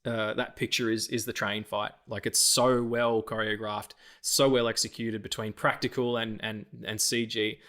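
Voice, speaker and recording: A man co-hosting a casual film podcast, talking in an animated way with plenty of swearing and quick acted-out lines. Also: lowish voice. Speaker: podcast co-host.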